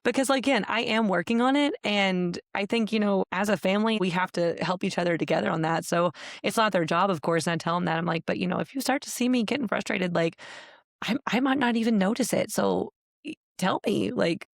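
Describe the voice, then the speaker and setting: A woman in her thirties talks with earnest, candid frankness, her voice carrying a noticeable gravelly fry. The sound is close and dry, with no room around it. She drops in casual fillers as she chats. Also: medium pitch, a little fast, dry recording. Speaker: podcast co-host. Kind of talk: candid conversational chat.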